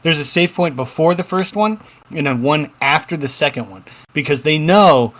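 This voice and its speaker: A man's voice: fairly high pitch, expressive, normal speed, a bit bright. A man co-hosting a casual gaming podcast, rambling with lots of fillers and the odd swear. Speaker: podcast co-host.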